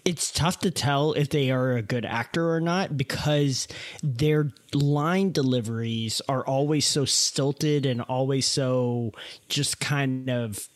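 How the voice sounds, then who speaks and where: Halting man stammering through a film opinion. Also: mid-range voice. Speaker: podcast co-host. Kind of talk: casual film chat.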